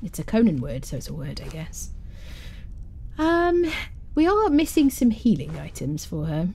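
Mellow, low-voiced woman streamer. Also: wildly swooping pitch, moderate pace, creaky, slight background noise. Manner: chatty, rambling, answers chat. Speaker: game streamer. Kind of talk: live gameplay stream chat.

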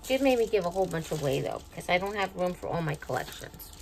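A woman's voice: on the low side, quick pace, vocal fry, a little mellow, slight background noise, low-quality recording. A middle-aged woman chatting casually at home as she opens and reads fan mail, sentimental and talkative. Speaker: vlogger opening fan mail. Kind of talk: casual unboxing chat. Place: home, indoors.

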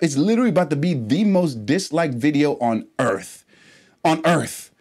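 A man hosting a casual reaction vlog, rambling and swearing as he swings between low, mumbled asides and heated, loud outbursts. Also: expressive, normal speed. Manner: rambling, profane, ranting. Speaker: reaction channel host.

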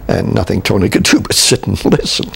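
An older Canadian man, a veteran stage actor, reminisces about his years on stage in an interview. His deep, gravelly voice has lively intonation, and he speaks haltingly, stopping and restarting sentences and chuckling as he remembers.

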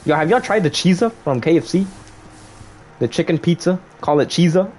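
A young man livestreaming a game, in casual commentary full of slang and banter, swinging from loud teasing outbursts to mock-solemn murmurs. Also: fairly high pitch, lively intonation, moderate pace, slight background noise. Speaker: gaming livestreamer.

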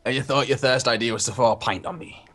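A man's voice: medium pitch, fairly even intonation, quick pace, a bit bright, voice pushed down, lightly acted. A man playing a pirate-talking dwarf druid. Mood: gruff. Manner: drifts into a pirate-like voice. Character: gruff male city druid dwarf.

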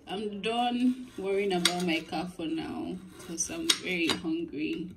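A woman's voice: fairly low pitch, unhurried, vocal fry, few pauses. A woman with a Nigerian English accent, vlogging in casual chat and talking expressively. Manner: expressive, swings between laughing and worried talk. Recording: noisy background ambience.

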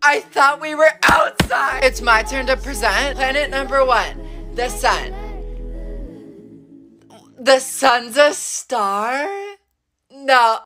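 A woman's voice: high-pitched, slow pace, long pauses. A woman playing a smug, attention-seeking teenage schoolgirl in comedy sketches, talking down to others and bursting into dramatic whines. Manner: condescending, dramatic, whiny outbursts. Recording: music playing behind the voice. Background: music.

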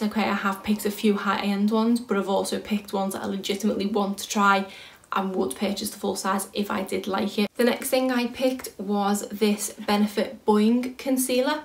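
A woman's voice: medium pitch, level tone, normal speed, vocal fry. A young British woman chatting casually through a beauty haul, thinking aloud as she works out prices. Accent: British English. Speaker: beauty vlogger. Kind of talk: casual product haul chat. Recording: echoey room.

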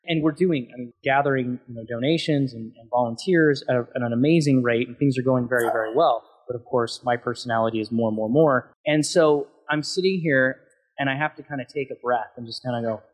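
Husky-voiced man, passionate podcast guest. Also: mid-range voice, fairly quick. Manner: passionate, emphatic, talks through his thoughts. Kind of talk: podcast interview answer.

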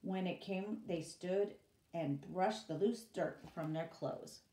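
Slow, expressive woman reading a story aloud. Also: on the low side, slight background noise. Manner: expressive, pausing for students' questions. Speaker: teacher. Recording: roomy, from away from mic.

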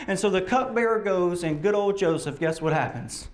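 A man's voice: high-pitched, moderate pace, few pauses. A man pastor preaching a sermon in a casual, conversational way, acting out the characters' lines as he tells the story. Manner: animated storytelling, acts out quotes.

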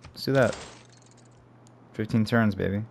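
A man's voice: on the low side, unhurried, creaky, a little hiss or hum. A young man giving casual let's play commentary, thinking aloud and swearing as he plays. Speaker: gamer. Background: faint game music.

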